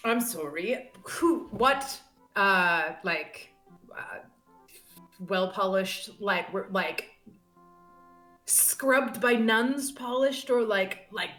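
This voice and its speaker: A woman plays in a tabletop game with a bright, sharp voice. She rambles and trips over her words, apologizing as she goes, and faint music sits underneath. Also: medium pitch, lively intonation, drawn-out words. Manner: rambling, self-deprecating, stumbling over words. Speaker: player. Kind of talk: casual tabletop game play.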